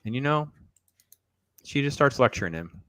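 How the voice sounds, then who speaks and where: A man's voice: mid-range voice, animated, moderate pace, a bit bright, dry recording. A man hosting a casual reaction stream, riffing sarcastically and talking straight to his viewers. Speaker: show host.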